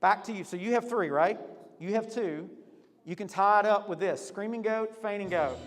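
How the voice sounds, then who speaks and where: A man hosting a lively game for a group, upbeat and teasing, laughing often. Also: sits high, moderate pace, big-room sound. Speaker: youth leader hosting a game.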